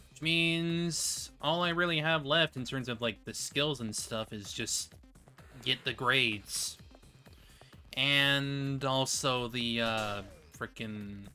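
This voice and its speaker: A streamer playing a game and chatting casually, thinking out loud while checking their progress. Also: medium pitch, slow pace, soft background music. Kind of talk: casual let's-play commentary.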